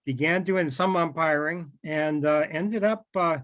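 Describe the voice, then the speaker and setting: A man's voice: a little high, unhurried, fairly bright tone. A man interviews a guest over a video call, going through his background in a friendly, chatty way. His voice sits a little above average. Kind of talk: conversational interview.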